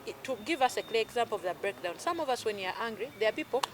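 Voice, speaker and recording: A woman in her thirties with a Ugandan accent, an emotional healing coach in casual chat, talking in an animated way and mixing in Luganda phrases. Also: a little high, very fast, slight background noise.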